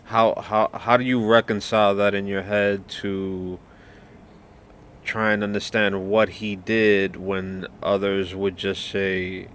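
A man hosting a podcast, asking his guest gentle, probing questions. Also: lowish voice, level tone, slow pace, slight background noise. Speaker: podcast host. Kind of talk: interviewing a guest.

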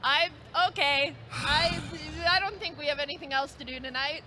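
A woman playing a tabletop game, sarcastic with quick retorts. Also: high voice, bright, forceful tone, slight background noise, rough recording. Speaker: player.

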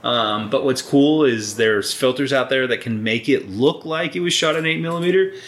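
A man with an ordinary medium-pitched voice, co-hosting a podcast in relaxed, chatty talk. He sounds easygoing and eager and swears often. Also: moderate pace. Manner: laid-back, enthusiastic, swears freely. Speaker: podcast co-host. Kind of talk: casual chat. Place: indoor recording room.

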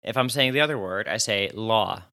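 A man's voice: medium pitch, lively intonation, fast talker, pushed and bright. A man from New Jersey with a New Jersey accent, co-hosting a podcast in a casual, wry chat and laughing often. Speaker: podcast co-host.

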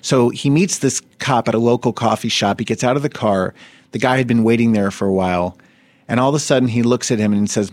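A man's voice: medium pitch, fast, darkish tone, no echo. A man co-hosting a podcast, reading odd news stories aloud with laughing, joking asides. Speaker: podcast co-host. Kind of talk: casual comedic news chat.

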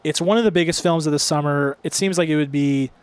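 Rambling, slightly high-voiced man podcast host. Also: fast talker, clean tone. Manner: rambling, restarts often, upbeat. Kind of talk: casual chat.

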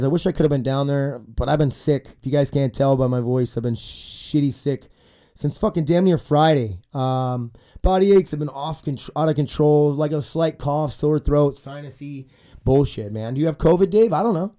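Here a man in his 40s hosts a casual podcast, cursing and ranting in a rambling way while congested with a cold that makes him sound stuffy. He has a medium-pitched, warm voice at a normal speed.

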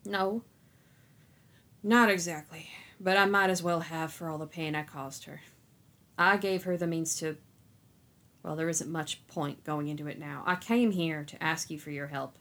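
A woman reading the part of a weary, guilt-ridden male sorcerer, speaking slowly and sternly. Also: sits low, fairly even intonation, a bit bright. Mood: remorseful. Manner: slow and stern.

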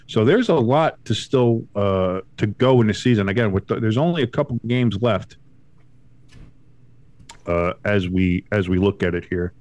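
A man co-hosting a casual sports podcast from home, talking in an animated, profane way and mocking others in high put-on voices. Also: normal speed, dry recording. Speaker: podcast co-host.

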